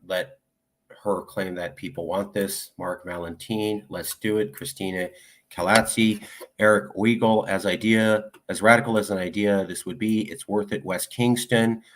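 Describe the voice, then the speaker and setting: Low-voiced man reading comments aloud. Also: fairly even intonation. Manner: reads viewer comments aloud in quick succession. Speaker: political commentator.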